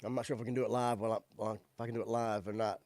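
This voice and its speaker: A man's voice: lowish voice, level tone, very fast, darkish tone, no room sound. A man hosting a casual live-stream, chatting loosely with viewers in a laid-back way. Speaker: livestream show host. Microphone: studio microphone with audio interface.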